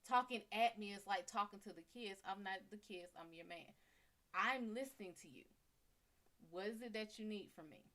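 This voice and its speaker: A woman voicing a gentle, soft-spoken man calmly pleading with his partner. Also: medium pitch, normal speed, natural voice.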